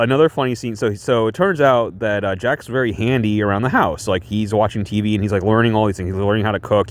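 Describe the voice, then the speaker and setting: Talking through a film in a casual review chat, this man rambles with many fillers and restarts, chuckling often. He has a lowish, clear and resonant voice.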